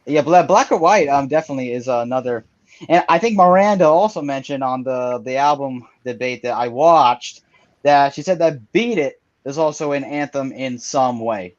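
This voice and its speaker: A man speaking in an excitable, rambling way as a panelist in a casual online debate over a video call. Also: medium pitch, normal speed, lo-fi sound.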